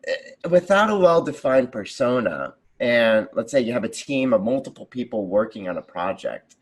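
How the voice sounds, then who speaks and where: An American man being interviewed about conversation design. He talks enthusiastically and slips into lively voices for his examples. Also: mid-range voice, normal speed. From United States. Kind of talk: casual interview chat.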